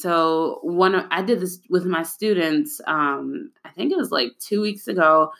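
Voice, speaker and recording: A woman's voice: fairly low pitch, a bit bright. A young adult woman hosting a podcast, talking in a chatty, personal way and often addressing listeners as "y'all.". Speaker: podcast host. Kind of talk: casual podcast monologue.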